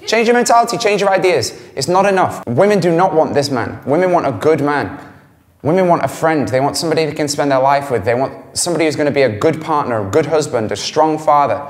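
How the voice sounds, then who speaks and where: A man's voice: fairly high pitch, animated, quick pace. Blunt swearing man in a reverberant hall. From England. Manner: blunt, swearing, emphatic repetition. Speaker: musician interviewee. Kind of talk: candid interview answers.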